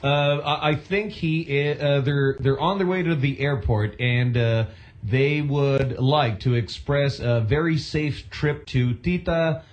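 A man's voice: mid-range voice, slow, lo-fi sound. A man hosting a radio show, rambling casually with many restarts.

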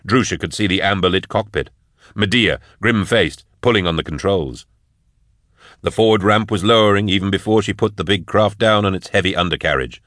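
This audiobook narrator is a man whose very low voice moves at an even, measured pace through scripted text. His voice is captured up close in a dry recording free of any room sound.

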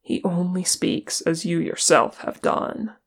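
A reader voicing a grave, steady male ranger leader, speaking calmly and with measure in an audiobook. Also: mid-range voice, vocal fry, husky, exaggerated voice. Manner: calm, measured. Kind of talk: audiobook character reading.

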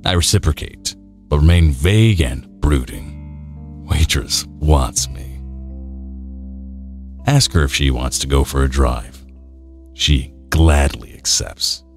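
A man reading an internet story aloud in a slow, brooding way. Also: a bass voice, animated, gravelly, soft background music.

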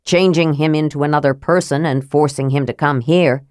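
A measured half-elf leader, as a woman reads him. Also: low-pitched, steady tone, darkish tone, no echo, studio quality, pitched below the performer's own voice, close to an everyday voice. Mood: reasoning. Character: thoughtful, uneasy male half-elf leader.

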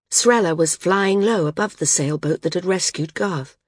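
Husky woman reading a novel aloud. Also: dry recording, studio quality. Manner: measured reading, lifts pitch for shouted dialogue. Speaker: audiobook narrator. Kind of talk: scripted narration.

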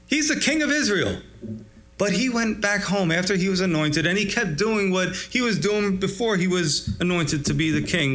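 Guy preaching a bible sermon, kinda high voice, chatty, acts out the lines. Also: fairly bright tone. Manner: conversational, acts out quotes, chuckles. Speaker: pastor. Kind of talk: expository sermon.

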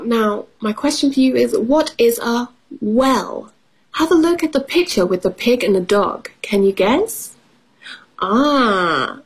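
A woman's voice: medium pitch, slightly rough, low-quality recording. A woman reading a farm picture book to children as an English lesson, asking questions and making playful animal sounds. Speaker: storybook reader and English teacher.

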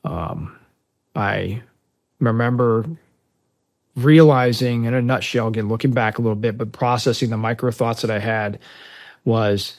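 Male podcast guest, mid-pitched, animated storyteller, swears often, acts out voices. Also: measured pace, gravelly, long pauses, dry recording, clean studio sound. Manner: animated, profane, acts out the dialogue. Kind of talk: storytelling in a conversation.

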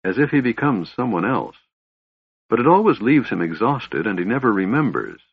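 A man voicing a big, loyal warrior who speaks in low, quiet tones. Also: very animated, normal speed, vocal fry, husky, no room sound, narrow, tinny audio, full character voice. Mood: worried.

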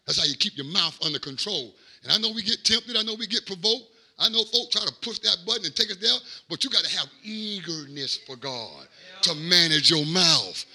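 A man preaching a sermon as pastor. He repeats phrases and swings from quiet asides to shouted, drawn-out lines. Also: high voice, lively intonation. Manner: call-and-response, repeats phrases.

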